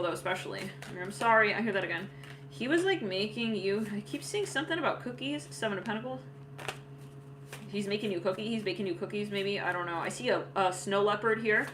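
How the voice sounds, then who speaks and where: A woman's voice: medium pitch, fairly bright tone, a little hiss or hum. A woman giving a casual tarot reading, rambling with lots of fillers and frequent laughter. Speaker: tarot reader.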